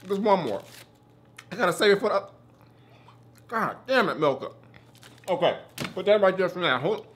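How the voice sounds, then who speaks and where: A man's voice: high voice, moderate pace, long pauses. A man hosting a casual food review, swearing often and getting worked up as he eats between sentences. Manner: profane, excitable, talks while eating.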